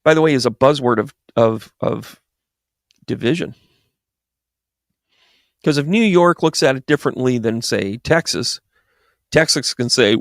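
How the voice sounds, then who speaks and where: A man's voice: mid-range voice, animated, a little slow, vocal fry, long pauses, no room sound, studio quality. A man giving a rambling, exasperated political commentary monologue with sarcastic asides. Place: New York.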